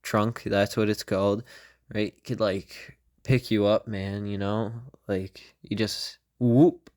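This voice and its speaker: A man's voice: on the low side, little pitch movement, takes it slowly, darkish tone. A young man hosting a comedy podcast, rambling through a loose monologue and tagging nearly every phrase with "right?" or "you know?". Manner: meandering, constant "right?" and "you know?" tags. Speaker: podcast host.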